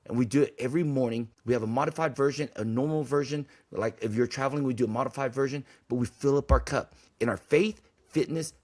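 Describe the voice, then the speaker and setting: A man's voice: mid-range voice, a little mellow, husky. A man hosting a podcast in casual talk, blunt and emphatic, preaching his points and swearing freely. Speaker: podcast host.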